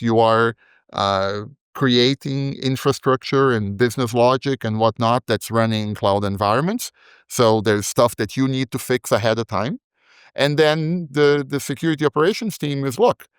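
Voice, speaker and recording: A man's voice: medium pitch, smooth, no room sound. A man on a podcast panel discussing cloud security, thinking aloud with frequent restarts and tag questions, over a remote call microphone.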